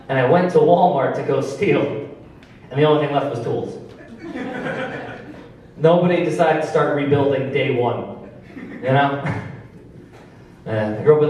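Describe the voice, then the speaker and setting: A man doing stand-up comedy on a club stage, telling a story about his family with casual, deadpan asides. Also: medium pitch, measured pace, long pauses, muffled recording. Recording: echoey club from a distance. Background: audience laughter.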